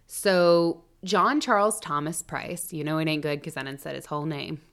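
This podcast co-host has a low, smooth, slightly bright voice and talks at a normal speed. Chatting casually, she walks through a true-crime case, cursing without restraint and dropping in joking side comments.

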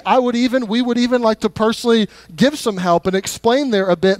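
A male pastor preaching a sermon in a church in a conversational, animated way, often repeating words as he goes. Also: sits high, no room sound. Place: church sanctuary.

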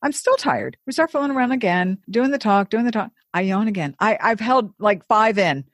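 Animated woman telling a story. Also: medium pitch, fairly quick, dry recording, clean studio sound. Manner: animated, acts out both sides of conversations. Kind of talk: casual storytelling about dating.

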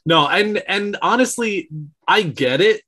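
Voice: mid-range voice, animated, bright, forceful tone. A podcast co-host ranting profanely and laughing about a fantasy character in casual chat. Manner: unhurried, profane, laughing rants. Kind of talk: casual comedic book chat.

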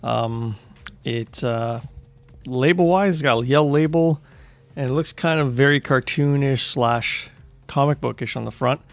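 A man with a gravelly, slightly worn voice hosts a casual beer-tasting chat. He talks in a relaxed, rambling way, pausing on fillers, and his voice is giving out. Light music plays faintly behind him. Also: medium pitch, dry recording. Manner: relaxed, hesitant with many fillers. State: losing his voice. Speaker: podcast host.

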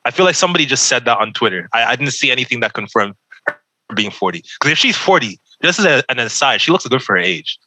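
A man's voice: mid-range voice, very animated, fast talker, sharp tone, husky, dry recording, poor audio. A man from Toronto co-hosting a podcast, joking and dodging questions in slang-heavy casual banter. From Toronto, Canada. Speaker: podcast co-host. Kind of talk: casual chat.

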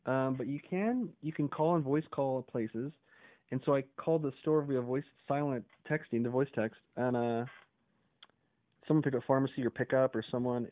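Male podcast host, loose profane storyteller, middle pitch, dry and tinny like a phone line. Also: no room sound. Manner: rambling, profane, laughs often, acts out quoted yelling. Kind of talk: casual storytelling monologue. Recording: dry, phone-like narrow sound.

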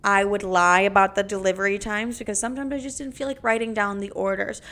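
A young adult woman hosting a podcast, telling stories in a casual, animated way, swearing freely and saying "like" a lot. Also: medium pitch, quick pace. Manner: animated, jumps into acted-out voices. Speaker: podcast host. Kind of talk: casual storytelling.

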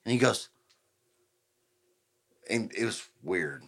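A man's voice: fairly low pitch, a little slow. A man, telling a rowdy story on a podcast and acting out the people in it. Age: 20s. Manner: profane, animated storyteller acting out quotes. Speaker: podcast host. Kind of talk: casual storytelling chat.

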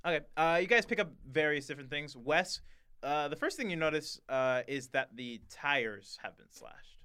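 A man's voice: a little high, expressive, normal speed, pushed and bright, clear, resonant tone. A man narrating as game master in a tabletop game, with hesitant talk and many fillers.

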